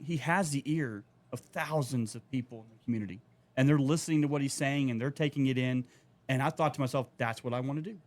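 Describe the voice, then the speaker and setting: Ranting, profane man. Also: mid-range voice. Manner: ranting, profane, animated tangents. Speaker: podcast co-host. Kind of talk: casual chat.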